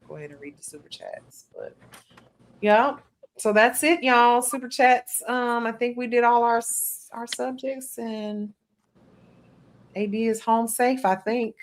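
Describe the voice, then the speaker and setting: A woman co-hosting a casual podcast panel, reading viewer messages aloud in a loose, chatty way that often trails off mid-sentence. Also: on the high side. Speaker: podcast co-host.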